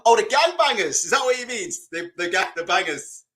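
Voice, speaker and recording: A man with a fairly high, bright voice reacts to clips on a live stream. His pitch swings a great deal as he mocks what he sees, asks rhetorical questions and breaks into laughter. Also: animated, fairly quick, few pauses.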